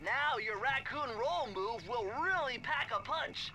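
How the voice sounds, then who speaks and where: Nerdy turtle genius, game sidekick, very high voice, fussy and exact. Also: male voice, animated, measured pace, noisy background. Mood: earnest. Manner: precise, bookish explainer. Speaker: game character. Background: game music.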